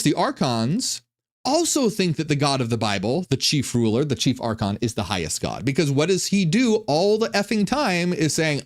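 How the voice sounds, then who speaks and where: Animated, irreverent man explaining old texts. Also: a little high. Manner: animated, irreverent, stumbling restarts. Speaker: online religion commentator. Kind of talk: casual commentary on ancient texts.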